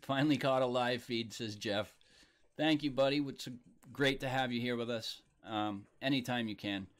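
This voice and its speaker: A man's voice: mid-range voice, normal speed. Laid-back man hosting a live stream. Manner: laid-back, reads viewer comments aloud. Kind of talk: casual live-stream chat.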